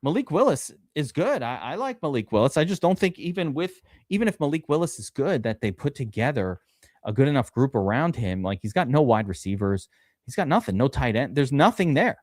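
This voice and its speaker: A man's voice: mid-range voice, sing-song, fairly quick, darkish tone, no echo, studio quality. A man hosting a live fantasy football draft stream, chatting casually and rambling with restarts.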